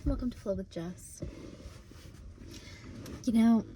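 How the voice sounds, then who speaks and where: A woman's voice: a little high, slow pace, noisy background. A young woman vlogging from her parked car, talking in a rambling way with many fillers and restarts, close to tears. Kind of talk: casual emotional vlog.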